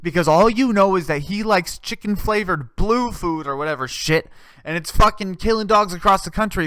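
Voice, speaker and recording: A man rants on his comedy podcast, swearing freely and rambling from one sarcastic jab to the next. His voice sits high and smooth, and the recording is close and dry. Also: a bit bright, no room sound. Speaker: podcast host. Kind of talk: casual comedic rant.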